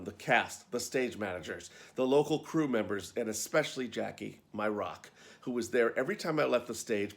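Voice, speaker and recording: A man's voice: mid-range voice, gravelly. A man reading his own backstage memoir aloud in a wry, conversational storytelling manner. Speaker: actor and storyteller.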